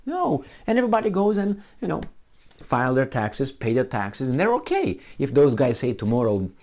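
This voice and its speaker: A middle-aged man rants in sarcastic commentary, firing off rhetorical questions. His voice swings up and down with a lively, animated pitch while he stays combative from start to finish. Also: moderate pace. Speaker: political commentator. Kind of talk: ranting commentary.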